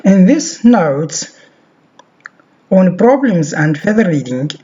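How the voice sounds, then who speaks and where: A man's voice: high voice, big pitch swings, takes it slowly, warm tone, slightly rough. A man giving a recorded phonetics lecture, reading from a textbook and repeating example words over and over. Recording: dull lo-fi recording.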